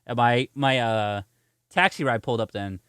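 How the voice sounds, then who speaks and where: A man's voice: mid-range voice, moderate pace, a bit bright, clear, resonant tone, dry recording, clean studio sound. A man streaming games, chatting casually and telling a story with lots of laughter while answering viewer chat. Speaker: gaming streamer.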